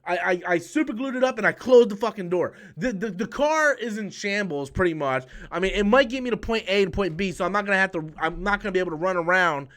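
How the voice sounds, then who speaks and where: A young man with a high voice tells a long personal story straight to the camera. He rambles, swears freely and trips over his own restarts, like a casual vlog rant. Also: expressive, fast, hardly any pauses, fairly bright tone. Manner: profane, rambling, with frequent restarts. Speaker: YouTube channel host.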